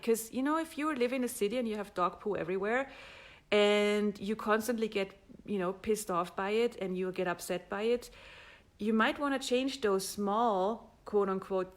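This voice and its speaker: Woman, playful, animated, acts out voices, live stream from a castle suite. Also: medium pitch. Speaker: host. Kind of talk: casual live-stream talk.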